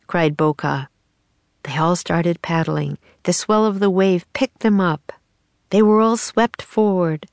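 A woman reading a children's chapter book aloud in a clear, measured storytelling voice. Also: on the low side, dry recording. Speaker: audiobook narrator.

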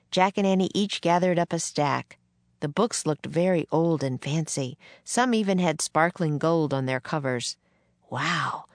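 A woman narrating a children's chapter book in a clear, steady storytelling voice. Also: sits low, no echo. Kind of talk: children's audiobook reading.

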